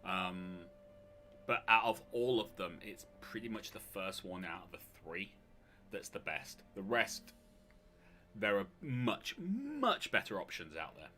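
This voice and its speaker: A playful man co-hosts a gaming stream, his lower voice swinging widely in pitch as he jokes and explains. His tone is sharply bright and forceful, with soft music running underneath. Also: unhurried. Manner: playful, jokey, breaks into excited yelps. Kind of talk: casual live-stream chat over gameplay.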